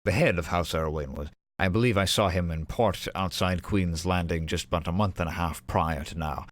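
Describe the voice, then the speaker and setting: A gracious older dwarf noble, formal and warmly polite in every phrase, voiced by a man. The voice sits very low and deep. The sound is dry and close. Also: normal speed, no room sound, natural voice. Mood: courteous. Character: older male dwarf noble, courteous and effusive.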